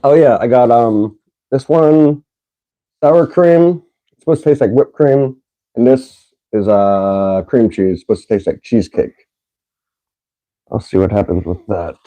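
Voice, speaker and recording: A man's voice: mid-range voice, measured pace, pauses often, dark tone. A man hosting a casual podcast, doing a food taste challenge, laughing often and swearing casually. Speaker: podcast host.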